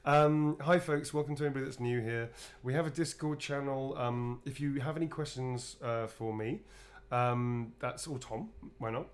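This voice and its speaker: A man's voice: mid-range voice, normal speed, hardly any pauses. A tired man chatting casually on a livestream, rambling and playful, calling viewers darlings as he draws. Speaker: actor drawing requested sketches for viewers.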